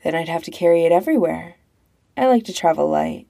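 A woman voicing a sleepy, playful young man who longs for somewhere warm, speaking softly. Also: on the low side, animated, fast, gravelly. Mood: sleepy teasing. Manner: drowsy, playful, soft. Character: sleepy, teasing young man wanting warmth.

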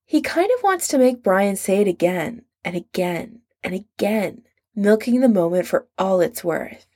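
Woman audiobook narrator, slow, measured, mid pitch. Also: animated, mellow. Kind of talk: scripted narration.

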